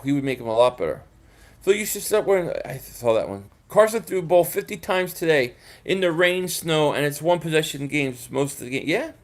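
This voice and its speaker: A man from the area hosting a fan livestream, ranting in a frustrated, rambling way and reading viewer comments. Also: fairly high pitch. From Philadelphia area. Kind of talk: casual livestream rant reading chat.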